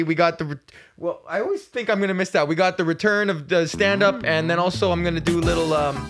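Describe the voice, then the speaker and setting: A man's voice: a little high, fast, fairly bright tone, faint music behind. A young man hosting his own show, talking in a casual rambling monologue, crude and joking with lots of swearing. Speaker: podcast host.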